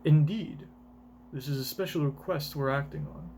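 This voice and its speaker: A man voicing a stern elderly male ruler in a measured, formal, quietly commanding way while reading a manga aloud in voices. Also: fairly high pitch, creaky, slight background noise.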